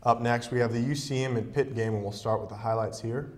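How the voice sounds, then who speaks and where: Young man, sports show anchor, segment lead-ins, animated about stats. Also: mid-range voice, brisk.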